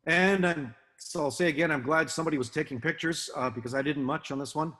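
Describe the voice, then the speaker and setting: An older man giving an illustrated talk to an audience, relaxed and anecdotal, with many fillers and restarts. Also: a little high, quick pace. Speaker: guest speaker, film naval advisor. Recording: long hall reverb.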